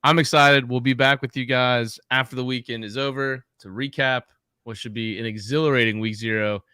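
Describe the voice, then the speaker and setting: Smooth-voiced upbeat male podcast host. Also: mid-range voice, fairly even intonation, pushed and bright, no echo, clean studio sound. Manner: upbeat and brisk, wraps up segments like a host. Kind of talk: casual podcast banter.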